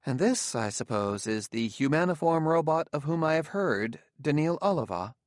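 A man voicing a sharp, haughty woman scientist. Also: a little high, expressive, moderate pace, dry recording, studio quality, pitched above the performer's own voice, close to an everyday voice. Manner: clipped, cool and imperious.

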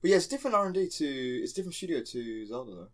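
Quick talking dude, matter of fact, explains game stuff. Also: male voice, medium pitch, sing-song. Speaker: podcast co-host. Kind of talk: casual gaming chat.

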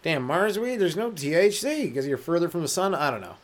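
Rambling crude joking man, fairly high voice. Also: very animated, brisk. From Canada. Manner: rambling, jokey, crude, laughs at own jokes. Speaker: stand-up comedian podcast host. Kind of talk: solo comedic rant.

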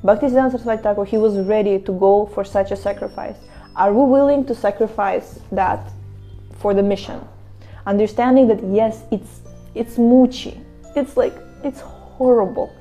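A woman's voice: mid-range voice, normal speed, faint music behind. A woman from Russia living in India, giving a casual spiritual talk to her viewers and acting out the voices in her stories. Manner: animated storytelling, acts out quoted voices. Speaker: devotional speaker. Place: Mayapur, India.

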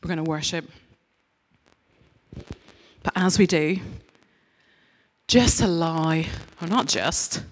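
A woman giving a conversational sermon as a church speaker, candid and self-mocking in her stories, earnest and direct in her appeals. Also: low-pitched.

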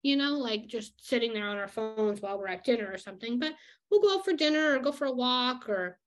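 A woman's voice: fairly high pitch, animated, fairly quick. A young woman vlogger chatting casually about her daily routine, full of "like" and easy laughs. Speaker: illustrator vlogger. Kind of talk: casual vlog chat.

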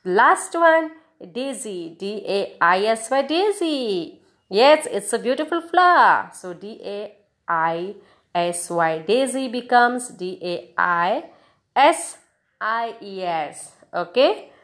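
A woman's voice: mid-range voice, big pitch swings, takes it slowly, a bit bright. A woman hosting a podcast English lesson, spelling words out letter by letter and encouraging her listeners. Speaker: podcast host teaching English. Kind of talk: slow spelled-out grammar lesson.

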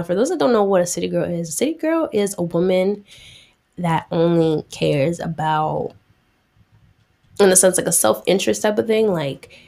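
A woman's voice: lowish voice, vocal fry, a little mellow. A young woman retelling a Bible story in a chatty, slangy way, acting out the characters' lines.

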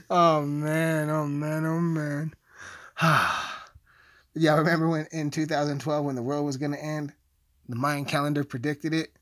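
A man's voice: on the high side, level tone, a little slow, fairly bright tone. A man delivering a rambling, profane comedic rant as a vlogger, full of asides and swearing.

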